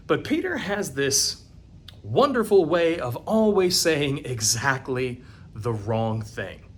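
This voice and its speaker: A man serving as a parish youth minister, teaching confirmation in a conversational, animated storytelling manner. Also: a little high, a little slow, breathy edge. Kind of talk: confirmation catechesis video.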